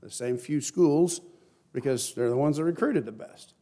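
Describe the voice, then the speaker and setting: A middle-aged man giving a sermon as pastor, reading scripture and explaining it earnestly, slowing and lifting his voice for emphasis. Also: medium pitch, warm tone. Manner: earnest preaching, slows and rises to stress scripture.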